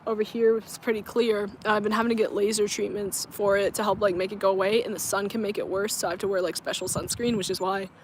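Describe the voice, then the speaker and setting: A woman's voice: medium pitch, flat delivery, fast talker, hardly any pauses. A young woman in her twenties talks casually to her phone camera outdoors, laughing often as she answers viewers' comments. Her voice sits in a middle range. A faint outdoor hiss sits behind her. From North Carolina, US coast. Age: 20s. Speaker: vlogger. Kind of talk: casual livestream chat. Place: outdoors, parking lot and grassy area.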